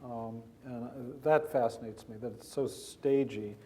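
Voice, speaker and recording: Man, literary guest, mellow tone, analytical and halting speech before a stage audience. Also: medium pitch, steady tone, a little hiss or hum. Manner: thoughtful, analytical, halting, with many restarts. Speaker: biographer and guest speaker. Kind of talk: literary talk at a festival.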